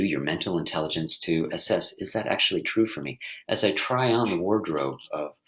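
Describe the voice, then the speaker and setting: A man talking gently as a mindfulness teacher, leading listeners through a reflective exercise and often restarting his sentences as he searches for words. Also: sits low, low-quality recording. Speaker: mindfulness teacher and podcast host.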